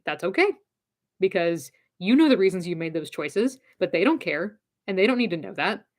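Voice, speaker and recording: A woman giving casual advice in an encouraging, direct way, repeating her key phrases. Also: medium pitch.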